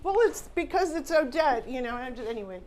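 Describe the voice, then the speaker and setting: A woman's voice: high-pitched, animated, a little fast, darkish tone, a little hiss or hum. A woman author telling stories to an audience at an indoor salon event, earnest and conversational, with many asides. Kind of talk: casual storytelling talk.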